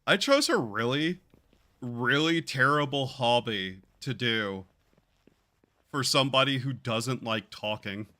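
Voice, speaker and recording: Slow-drawling male streamer, bright tone. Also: mid-range voice, animated. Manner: drawling, meandering, sighs and yawns, swears casually. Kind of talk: casual gaming stream chat.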